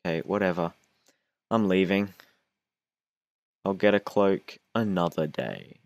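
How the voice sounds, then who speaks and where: Here a young man provides casual commentary on his gameplay, joking, complaining, and self-deprecating throughout. He speaks in a low voice at a measured pace, with no echo on the recording.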